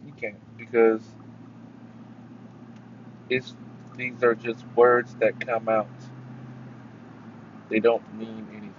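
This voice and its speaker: Hosting a casual solo podcast, a man with a lowish voice speaks slowly and flatly, pausing often, then breaks into sudden emphatic bursts. He rambles and swears, recorded on a headphones mic with dull lo-fi sound and faint noise.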